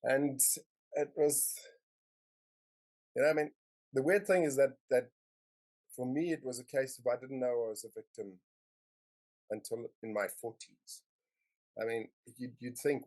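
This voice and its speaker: A man's voice: medium pitch, unhurried, pauses often, a little mellow, low-quality recording. A middle-aged man candidly sharing his personal story on an online panel, emotional and earnest, often repeating phrases as he speaks over a video call.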